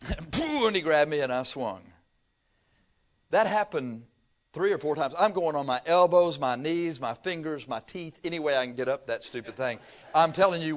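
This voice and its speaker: An older man from Texas, preaching a sermon through folksy, humorous stories. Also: a little high. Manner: folksy storytelling with laughter.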